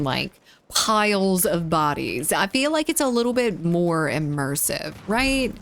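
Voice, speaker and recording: A woman hosting a casual gaming live stream, her voice bouncing up and down in pitch as she talks. She giggles easily and keeps up a running chat with her viewers, reading their messages aloud and answering them. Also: slight background noise. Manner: giggly, reads chat aloud and chats back. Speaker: game streamer.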